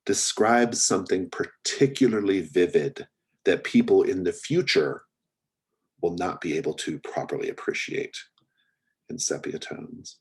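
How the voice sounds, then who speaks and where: A man's voice: low-pitched, expressive, a little slow, husky. A man narrating as game master of a tabletop role-playing game, rambling with many fillers and restarts.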